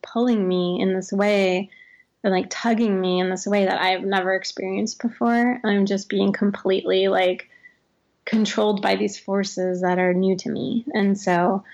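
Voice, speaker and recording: Author guest, woman in her thirties; fry-heavy, rambling and warm-hearted candor, lo-fi audio. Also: medium pitch. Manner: heavy use of "like", frequent restarts, laughs often. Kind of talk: reflective interview conversation.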